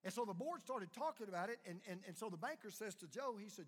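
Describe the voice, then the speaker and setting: High-voiced preacher telling a story. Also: male voice, quick pace. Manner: animated storyteller acting out quoted dialogue. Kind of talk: storytelling sermon. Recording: long hall reverb.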